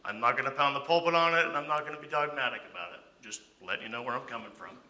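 A man's voice: medium pitch, racing, pushed and bright. A man teaching a Bible study in a conversational way, often asking "okay?" and posing rhetorical questions to his listeners.

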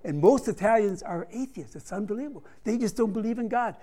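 A man with a voice pitched a little above the usual male range, speaking as a missionary to a church congregation. His delivery is conversational and anecdotal, with plenty of fillers, restarts and humorous asides woven in among the stories. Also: animated, a little fast, warm tone.

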